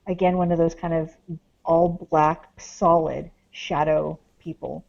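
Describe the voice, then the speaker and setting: A woman with a low, mellow voice tells her experiences as a guest, rambling and filling her sentences with "like" and "um". The recording sounds dull and muffled, a little lo-fi. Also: level tone, measured pace, gravelly. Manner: rambling, heavy on "like" and "um". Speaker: guest, paranormal investigator. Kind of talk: casual podcast chat, storytelling.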